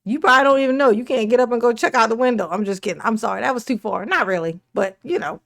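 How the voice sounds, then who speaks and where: A woman's voice: fairly high pitch, fast talker, creaky, a bit bright. Sarcastic woman laughing through commentary. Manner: sarcastic and mocking, laughs often, swears freely. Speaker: commentary host. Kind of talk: casual reaction commentary.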